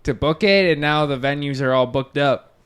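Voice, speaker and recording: A male comedian guesting on a podcast, trading jokes in a relaxed, easygoing way. His voice is smooth and clear, and it sits a little higher than most men's. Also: moderate pace. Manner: joking, easygoing. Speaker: comedian and game show host, podcast guest. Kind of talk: casual chat.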